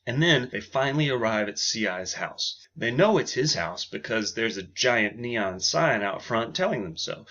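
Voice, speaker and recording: A man telling a comic story in a deadpan, offhand way, with casual asides, on a dull lo-fi recording. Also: fairly low pitch, normal speed, hardly any pauses.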